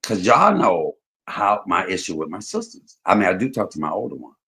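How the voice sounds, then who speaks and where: A man hosting a livestream, telling stories in casual chat, swinging between loud and soft. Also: sits low, big pitch swings, fairly quick. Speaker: livestream host.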